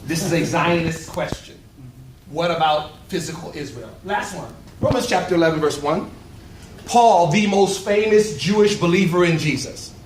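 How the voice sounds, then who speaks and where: Animated preacher man in an echoey hall. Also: fairly high pitch, moderate pace, a little hiss or hum. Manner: animated, rhetorical call-and-response preaching. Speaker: pastor. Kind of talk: sermon at a luncheon. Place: event hall. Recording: echoey room, voice from far off.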